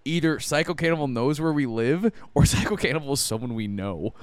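A young man co-hosting a podcast, excitable and swearing as he teases his co-host. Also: mid-range voice, fairly quick, no room sound. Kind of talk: casual chat.

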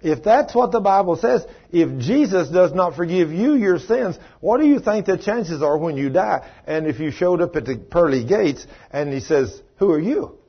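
A man's voice: expressive, normal speed, few pauses, breathy edge. A man preaching a sermon, telling a story in a folksy way and acting out the voices of the people in it. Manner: folksy storytelling, voices others in high falsetto. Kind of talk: sermon with acted-out dialogue. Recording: dull lo-fi sermon recording.

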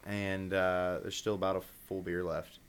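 A man's voice: sits low, level tone, moderate pace, clean tone. A man telling stories in a loose, casual podcast chat, swearing freely. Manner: laid-back storyteller, swears freely. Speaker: podcast guest.

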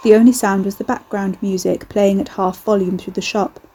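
A woman reading a novel aloud in steady scripted narration. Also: medium pitch, moderate pace, poor audio. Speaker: audiobook narrator.

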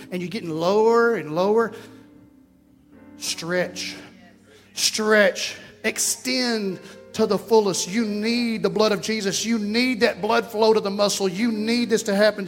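Brief: fervent pastor, very high voice, echoing hall with music underneath. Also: male voice. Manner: fervent, repetitive, folksy preaching. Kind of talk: sermon. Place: church sanctuary. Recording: reverberant hall with music behind.

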